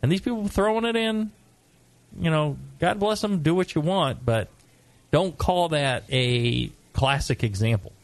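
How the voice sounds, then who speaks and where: A middle-aged American man co-hosting a casual brewing talk show, joking and lively, sometimes putting on gruff voices. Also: on the high side, measured pace, no room sound. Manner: animated, joking, mock-gruff put-on voices. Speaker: podcast co-host, brewing expert. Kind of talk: casual chat.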